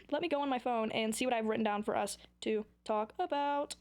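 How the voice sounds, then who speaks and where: Young female vlogger, a bit high-pitched, rambling and silly to camera. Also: moderate pace. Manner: rambling, goofy, self-mocking. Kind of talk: casual chat to camera.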